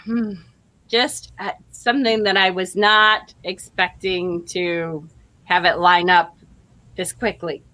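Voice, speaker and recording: A woman's voice: lowish voice, steady tone, takes it slowly, sharp tone. A middle-aged woman casually telling a story to her viewers, chatty and laughing often. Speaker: vlog host, tarot reader.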